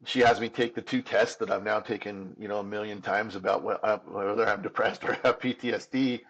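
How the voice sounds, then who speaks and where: A man's voice: on the low side, fairly even intonation, brisk, a bit bright, slightly rough, highs cut off. A man in his fifties telling his own story as an interview guest, candid and earnest, often restarting and repeating words. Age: 50s. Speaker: podcast guest.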